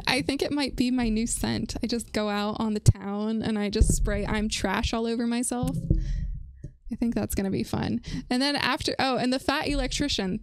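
A chatty woman streams from a dry, close-sounding setup, her fairly high voice running through casual talk with her viewers. She laughs often and answers chat messages as they come in. Her tone stays loose and unscripted. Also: moderate pace, dry recording. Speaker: livestream host.

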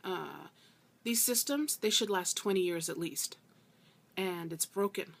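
A grandiose male caller , put on by a woman, who makes outrageous demands in a flat, matter-of-fact tone. He sounds pompous and entitled, as if every demand were perfectly reasonable. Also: fairly low pitch, measured pace, gravelly.

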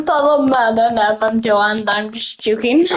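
A young woman giving chatty, giggly commentary while playing a video game, easily excited and laughing often. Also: a little high, poor audio. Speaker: gamer. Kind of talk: casual gameplay commentary.

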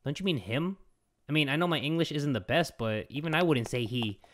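A young man doing let's play commentary on a horror game, excitable, joking crudely and yelling at sudden scares. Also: fairly high pitch, brisk, slight background noise. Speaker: gaming YouTuber.

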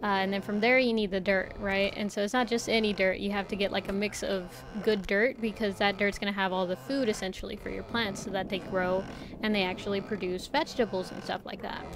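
A woman's voice: mid-range voice, fairly even intonation, fairly quick, hardly any pauses, background noise. A woman streamer chatting casually while playing a game, rambling with lots of fillers. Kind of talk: casual chat while gaming.

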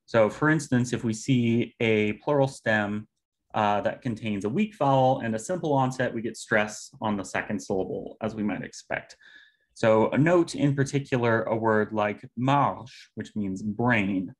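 Low-voiced man giving an academic talk. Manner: measured, explanatory, occasional fillers. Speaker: conference presenter.

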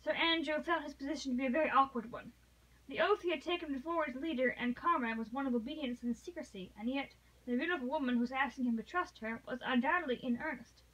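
A woman narrating a classic novel in a steady read-along, with small slips she corrects as she goes. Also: high voice, quick pace, lo-fi sound. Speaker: audiobook reader.

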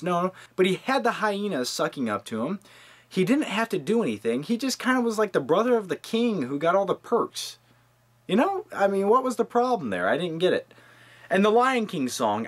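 A man in his twenties rambling and joking through a casual movie countdown vlog, with lively asides to his viewers. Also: high voice. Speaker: movie-review vlogger.

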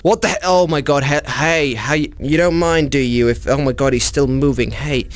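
A gaming YouTuber playing a VR horror game, chatty and swearing, who talks to the monsters in a mock bro voice and shrieks when scared. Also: male voice, mid-range voice, normal speed. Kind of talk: comedic VR horror let's play.

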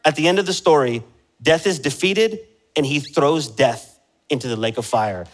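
A male pastor preaching a passionate sermon in a voice pitched a little higher than most men's. He swings between rising emphasis and quieter stretches, and he keeps turning to the congregation with direct questions. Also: animated, moderate pace, rough recording. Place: church sanctuary.

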